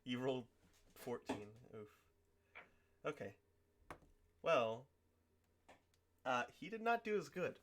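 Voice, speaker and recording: A man's voice: mid-range voice, very animated, slow, pauses often, fairly bright tone, slight background noise. A man running a tabletop game as game master, narrating casually with loose fillers.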